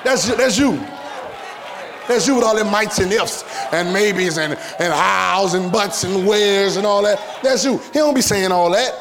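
High-voiced fervent male preacher. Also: a little slow, a crowd in the background. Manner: fervent, swings between shouting and hushed asides; repetitive, colloquial, talks to the congregation. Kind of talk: sermon.

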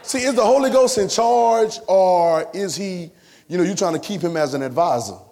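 A man preaching a sermon to a congregation, fervent and colloquial, repeating phrases and swinging between shouts and hushed asides. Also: high voice, normal speed, creaky. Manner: repetitive, colloquial, talks to the congregation.

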